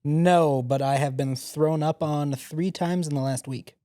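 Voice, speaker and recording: A man's voice: fairly high pitch, fairly even intonation, measured pace, mellow, dry recording. A man who is a guest on a casual podcast, making dry, wry remarks. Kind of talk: casual chat.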